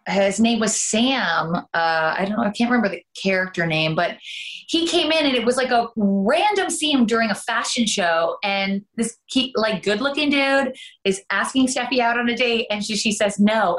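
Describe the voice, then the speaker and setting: A woman's voice: a little high, moderate pace. Chatty Canadian woman. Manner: chatty, laughing, animated asides. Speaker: soap opera actress, guest. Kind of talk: casual interview chat.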